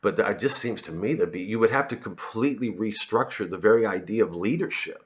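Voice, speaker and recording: Man vlogger, low voice, angry profane rant, stumbling restarts, muffled lo-fi sound. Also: lively intonation, a little fast. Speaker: political commentary vlogger. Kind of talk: ranting monologue to camera.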